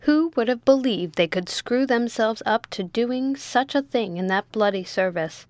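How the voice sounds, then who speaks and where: A woman voicing a gruff, blunt male ship captain in a storybook reading, in a dry close sound. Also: fairly high pitch, animated, a little slow, darkish tone, no echo. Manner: blunt, exclamatory.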